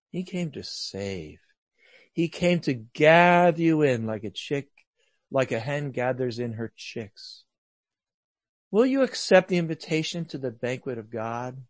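A man preaching a sermon earnestly, rising to loud emphasis and dropping to hushed, soft lines. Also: mid-range voice, no echo.

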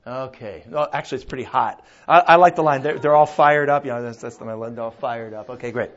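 A man's voice: medium pitch, a little fast. An older man preaching a sermon in a conversational, folksy way, full of rhetorical questions. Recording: dull lo-fi recording.

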